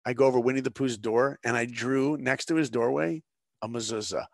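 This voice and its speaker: Gravelly-voiced man telling an earnest story. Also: mid-range voice, steady tone, a little fast, no echo, studio quality. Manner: earnest, preacher-like, asks rhetorical questions. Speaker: guest, animation director. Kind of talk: dramatic storytelling in conversation.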